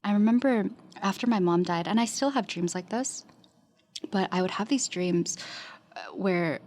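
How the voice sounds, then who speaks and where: A woman who is a podcast guest, recalling her own experiences in a hesitant, casual way with many restarts and soft asides. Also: medium pitch, moderate pace. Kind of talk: personal recollection in casual talk.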